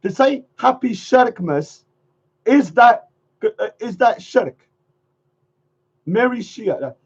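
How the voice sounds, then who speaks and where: A man with a fairly high voice chats casually to his livestream audience, rambling and circling back to the same phrases. The sound is muffled and lo-fi, like typical stream audio. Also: expressive, slow, husky. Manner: rambling, repeats phrases, chuckles often. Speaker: livestream host.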